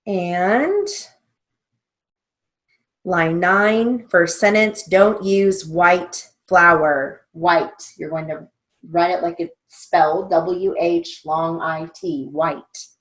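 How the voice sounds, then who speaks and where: A woman's voice: fairly low pitch, drawn-out words, fairly bright tone. A woman teaching steno theory in a patient way, spelling out words letter by letter. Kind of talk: slow spelled-out instruction.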